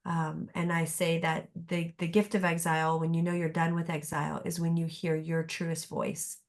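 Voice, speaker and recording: A woman's voice: sits low, flat delivery, moderate pace. A middle-aged woman therapist speaking as a podcast guest, reflective and earnest, often restarting her sentences. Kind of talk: podcast conversation.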